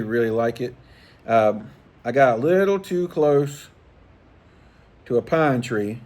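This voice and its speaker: Middle-aged man, easygoing and profane, rambling casual vlog chat at mid pitch. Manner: rambling, profane, laid-back, chuckling. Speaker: fishing channel host.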